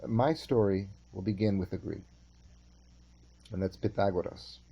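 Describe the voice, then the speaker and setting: Male teacher, slow and mellow, measured lecture with restarts. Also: lowish voice, gravelly, husky. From California. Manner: measured and unhurried, with halting restarts.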